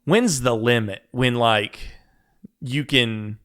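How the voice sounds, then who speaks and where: A man in his thirties hosting a podcast, talking loosely with lots of filler words and easy laughter. His voice is bright and smooth, with a clean, resonant tone. He sounds relaxed, like he's chatting with a friend. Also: medium pitch, slow pace. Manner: rambling, laughs often, many fillers. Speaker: podcast host. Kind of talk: casual podcast chat.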